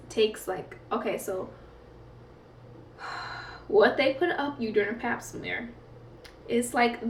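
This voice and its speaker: A woman's voice: medium pitch, a little hiss or hum. A woman vlogger telling a story in a rambling, chatty way, full of fillers and laughs. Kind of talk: casual storytime. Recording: echoey room, mic at a distance.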